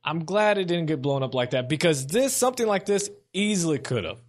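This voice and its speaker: A man's voice: on the high side, big pitch swings, a little fast. A young adult man hosting a solo sports show, giving casual, opinionated commentary and thinking aloud as he goes.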